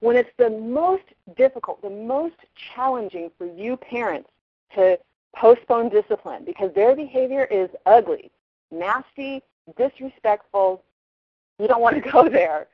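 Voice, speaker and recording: A middle-aged woman explains parenting ideas in a relaxed, chatty way and acts out little scenes with her kids. The sound is dry and dull, like an old radio broadcast. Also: a little high, measured pace, dry recording. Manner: animated storyteller acting out quotes. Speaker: parenting expert guest. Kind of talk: casual advice talk.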